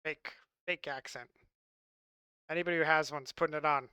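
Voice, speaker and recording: A man's voice: fairly high pitch, steady tone, moderate pace, bright, forceful tone, clean tone, no echo. A man from Long Island chatting casually with his stream chat in a wry, talkative way. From Long Island, New York.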